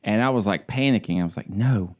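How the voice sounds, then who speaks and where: A man's voice: lowish voice, rapid-fire. A laid-back man from the United States co-hosting a casual podcast chat, joking and often trailing off with "I don't know.". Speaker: podcast co-host. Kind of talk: casual chat over drinks. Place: home in Alaska on a video call.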